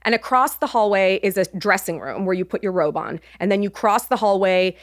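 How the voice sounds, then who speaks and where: A woman's voice: mid-range voice, animated, fairly quick, no echo, studio quality. A woman in her forties, co-hosting a podcast, chatting casually and acting out a funny story, playing the other people's lines with big jumps in her voice. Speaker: podcast co-host. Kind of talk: casual chat, animated storytelling.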